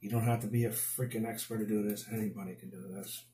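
A man's voice: lowish voice, fairly even intonation, fast, mellow, slight background noise. Chatty New York man in echoey bathroom. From the Bronx, New York. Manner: chatty, mutters to himself while working, mild exasperated exclamations. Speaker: DIY YouTuber. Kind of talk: casual DIY video commentary. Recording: echoey room.

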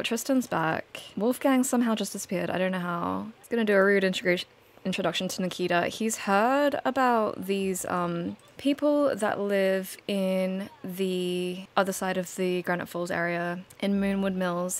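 Woman, casual gameplay narration, chatty storyteller, average pitch, faint background noise. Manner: chatty, storytelling, laughs now and then. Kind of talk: casual let's-play narration.

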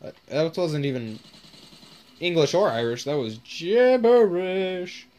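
A woman commentating on her own gameplay in a loose, casual way, swearing freely. She speaks slowly and drawls her words. Her pitch swings widely and expressively. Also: animated, mellow, dull audio. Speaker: gamer. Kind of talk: gaming commentary.

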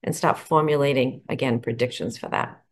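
A woman's voice: rumbling low, fairly even intonation, fairly quick. A woman educator explaining picture book covers to teachers in an enthusiastic, explanatory way. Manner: enthusiastic, explanatory, poses questions. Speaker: educator presenting picture books. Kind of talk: instructional talk to teachers.

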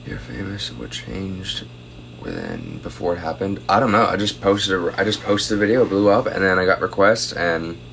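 A man's voice: low voice, expressive, normal speed, creaky, background noise. A young man chatting casually on a phone livestream at home, reading out viewer comments and thanking them for gifts.

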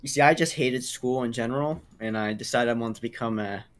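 A man's voice: mid-range voice, a little fast. A young man hosting a call and reading super chats, laid-back and wry. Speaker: host, video essayist. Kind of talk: casual chat.

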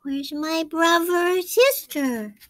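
A woman voicing a tiny, eager little girl duckling for a storybook read-aloud, with a squeaky, wide-eyed manner. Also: slow pace, a little hiss or hum.

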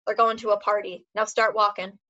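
Brief: woman reading as a secretive teen boy, fake husky tone, clipped orders, dull lo-fi sound. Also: mid-range voice, little pitch movement, fairly quick, bright, forceful tone, close to an everyday voice. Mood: wry. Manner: curt, bossy. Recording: dull lo-fi recording.

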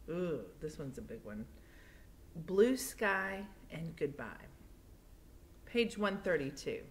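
A young woman teacher chatting playfully with her students, then reading a novel aloud to them in steady narration. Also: lowish voice, slight background noise.

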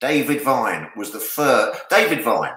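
An Englishman runs a charity pub quiz in a bright, easygoing voice. He jokes between the questions and draws out each answer. The sound is roomy and echoey. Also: mid-range voice, big pitch swings. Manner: jokey, chatty, reads answers slowly. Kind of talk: casual charity quiz hosting. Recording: echoey room.

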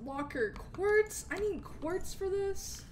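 A woman streaming a game live, excitable and chatting with viewers, with hiccups. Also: very high-pitched, slow pace, a little hiss or hum. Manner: excitable, talks to chat, frequent outbursts. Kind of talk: live gameplay commentary.

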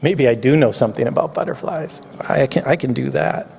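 A man preaching a chapel sermon, reading poetry slowly and reflectively, getting a little weepy. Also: mid-range voice, creaky, darkish tone, slightly rough. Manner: reflective, reads poetry slowly, tearful at times. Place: campus chapel. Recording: long hall reverb.

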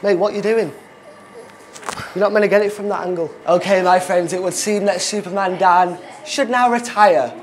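A man's voice: sits high, moderate pace, soft background music. A young man, hosting a comic vlog in a playful, self-mocking showman manner. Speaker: vlogger.

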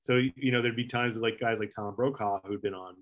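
A middle-aged man, formerly a late-night segment producer, speaks fairly quickly in a voice on the low side, steady and fairly bright. He tells a long, rambling anecdote in a casual interview, with lots of fillers, swearing, and acted-out quotes.

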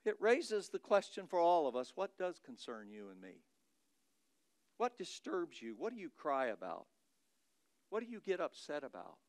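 Midwestern pastor, male, high smooth voice, dramatic scripture reading, dry close sound. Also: very animated, normal speed, no room sound. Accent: Midwestern American. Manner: dramatic reading of scripture, swinging from loud to hushed. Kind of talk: sermon.

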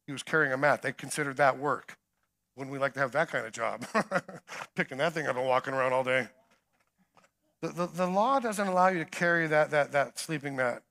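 A middle-aged man preaching a sermon, swinging between emphatic calls and quiet storytelling. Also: medium pitch, brisk, vocal fry. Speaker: guest preacher.

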